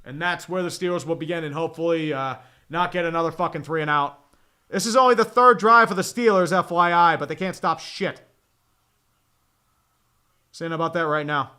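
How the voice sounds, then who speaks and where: A man's voice: fairly high pitch, moderate pace, pauses often, sharp tone. A man in his thirties giving live play-by-play as a fan streamer, profane, exasperated and sarcastic as he reads chat between plays. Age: 30s.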